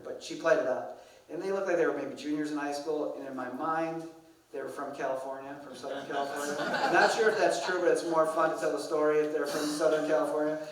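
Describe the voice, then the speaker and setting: A middle-aged man speaking to pastors at a conference, telling wry, self-deprecating stories. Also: on the high side. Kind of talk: humorous storytelling lecture. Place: large conference hall. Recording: echoey hall from a distance.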